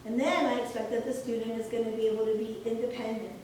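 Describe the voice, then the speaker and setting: A woman's voice: a little high, quick pace. A woman nursing instructor leading a staff training session, telling a story from her work and acting out both sides of the dialogue. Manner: animated storytelling, acts out dialogue. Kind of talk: in-service staff training talk. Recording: echoey room, mic far off, loud noise.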